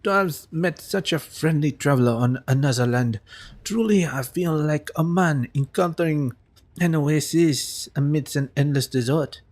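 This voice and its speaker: A man's voice: on the high side, unhurried, darkish tone. A man reading lines for a grateful male merchant in a video game, ornate and grandly thankful.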